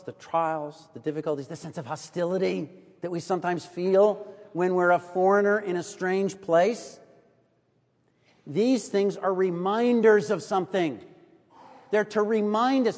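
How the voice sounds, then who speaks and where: Middle-aged man, american, sermon, storytelling, high voice, long hall reverb. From United States. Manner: storytelling, animated, drops to a hush for emphasis. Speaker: preacher.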